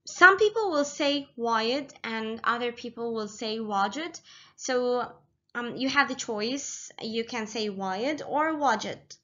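A woman's voice: on the high side, bright, forceful tone, lo-fi sound. A woman teaching vocabulary in a casual lesson, patiently repeating words with hesitant fillers. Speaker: language teacher.

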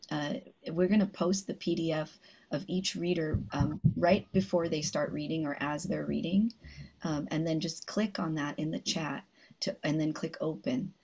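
A woman with a deep, husky voice hosts an online event. She walks the audience through instructions, hesitating often in a casual, easygoing way. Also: darkish tone, poor audio. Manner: hesitant, explaining logistics. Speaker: organizer and host of a writing event.

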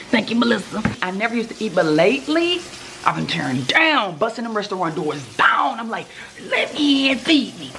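Young woman, casual phone vlog, jokey, clear background noise. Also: medium pitch, a bit bright. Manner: chatty, joking, addresses viewers as y'all. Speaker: vlogger. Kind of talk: casual vlog chat to camera. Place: home and car.

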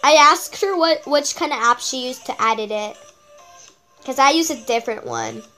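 A woman's voice: high voice, moderate pace, sharp tone, faint music behind. A female channel host giving casual reaction commentary on videos, rambling with lots of repeated okays and ums.

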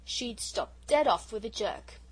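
A woman's voice: on the high side, expressive, a little slow, breathy edge, low-quality recording. Woman voicing a chatty homely railway porter. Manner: chatty, homely working-class speech. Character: gruff kindly middle-aged railway porter.

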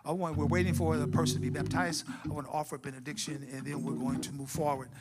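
A man's voice: a little high, level tone, fast. A man who is pastor, giving church announcements and then leading a fervent, rising prayer in a church. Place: church sanctuary.

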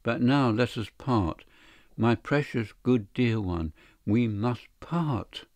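A man's voice: mid-range voice, takes it slowly, darkish tone, no echo. A man voicing a frightened young married woman in an audiobook, breathless and imploring. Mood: hushed pleading. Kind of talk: audiobook character reading.

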